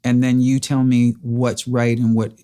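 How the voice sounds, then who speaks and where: Male host, mellow tone, earnest and emotional storyteller in a relaxed sit-down chat. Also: medium pitch, measured pace, clear, resonant tone. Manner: earnest, emotional retelling with restarts. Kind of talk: casual interview storytelling.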